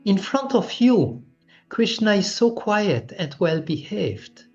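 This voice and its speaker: A man reading aloud gives the long complaint of exasperated village women in his own steady voice. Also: sits high, slow, full character voice. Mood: complaining. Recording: dull lo-fi recording with faint music.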